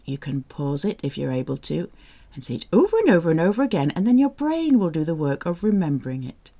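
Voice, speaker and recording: A woman teaching French, reading phrases out slowly, repeating them and cheering the listener on. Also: low voice, mellow. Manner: slow, repeats phrases, encouraging. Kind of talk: audio language drill.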